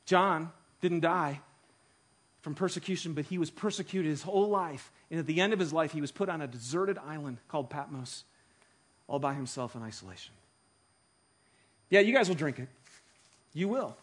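A man preaching a sermon, telling stories with animated delivery that swings from hushed to loud. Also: a little high, moderate pace, long pauses. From Detroit. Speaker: pastor.

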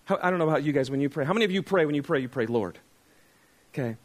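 High-voiced pastor preaching conversationally. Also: male voice, expressive, racing. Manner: conversational, self-deprecating, asks the congregation questions. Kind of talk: sermon.

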